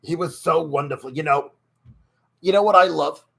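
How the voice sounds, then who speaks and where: A man's voice: a little high, moderate pace, vocal fry, fairly bright tone, husky, heavily acted. A man putting on a throaty, gushing older woman. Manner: gushing, effusive, greets chat viewers. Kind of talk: live stream character commentary.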